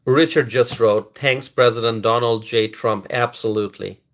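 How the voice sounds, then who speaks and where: A man's voice: mid-range voice, fairly even intonation, normal speed. Emphatic man doing live commentary. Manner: repetitive, emphatic, stalls and restarts words. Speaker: political commentator reading viewer comments.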